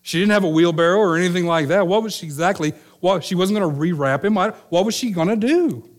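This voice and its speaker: A man's voice: high-pitched, fast talker. A middle-aged male pastor preaching a sermon in a conversational storytelling manner, voicing the people in the story. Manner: conversational storytelling, acts out quoted lines.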